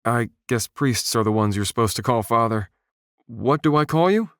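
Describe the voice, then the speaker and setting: A man's voice: mid-range voice, expressive, moderate pace, a bit bright, dry recording. A male narrator voicing an anxious young man who keeps firing off nervous questions and muttering to himself. His lines lift above the narration, and the sound is close and dry. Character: anxious young man lost in a strange world.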